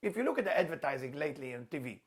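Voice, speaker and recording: A man's voice: a little high, big pitch swings, rapid-fire, husky. A middle-aged man teaching a spiritual class, emphatic, repeating key words and stretching them out, with non-native phrasing. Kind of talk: lecturing a class.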